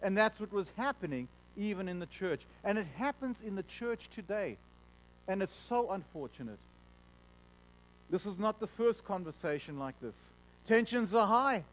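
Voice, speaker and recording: Preaching with earnest conviction, this male pastor stumbles over repeated words for emphasis and lowers to a gentle hush during solemn moments. He has a high, animated voice and speaks at a moderate pace on a rough recording.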